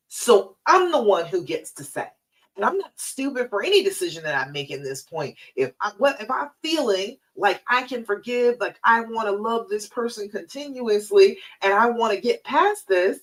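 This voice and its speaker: A woman's voice: fairly high pitch, lively intonation, normal speed, distant mic, poor audio. A woman relationship coach giving a live-streamed talk, emphatic and direct, repeating her key points.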